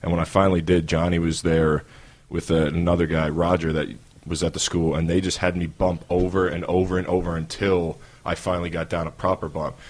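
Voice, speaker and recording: A man with a New York accent, a wrestler telling stories as a podcast guest in a relaxed way with many fillers. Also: sits low, brisk. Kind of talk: casual interview talk.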